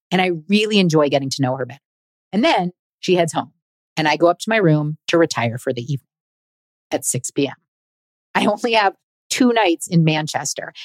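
Lively low-voiced woman storyteller. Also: no room sound. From United States. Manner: expressive, wry storytelling. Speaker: podcast host and comedian. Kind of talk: scripted travel story narration.

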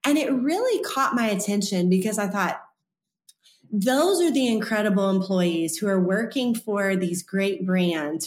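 A woman in her thirties, an author and guest, telling a story in an interview and acting out the quoted voices. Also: mid-range voice. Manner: animated, acts out quoted voices. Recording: roomy echo.

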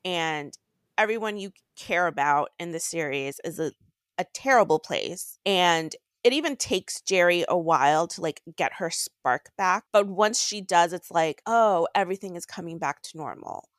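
Deadpan woman, dry close sound. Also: on the low side, a little slow, no echo. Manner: deadpan delivery. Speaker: book podcast co-host. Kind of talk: casual chat.

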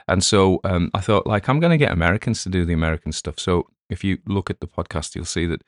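An Englishman with a low voice hosts a podcast, giving a casual spoken afterword. He rambles, with many restarts and asides. The sound is clean studio audio with no echo.

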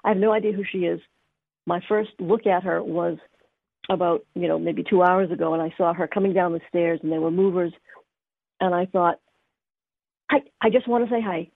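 A woman tarot teacher giving gentle, encouraging readings on a call-in show, with frequent fillers. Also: on the low side, fairly even intonation, normal speed, gravelly, long pauses, no room sound. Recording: dry, tinny phone-like sound.

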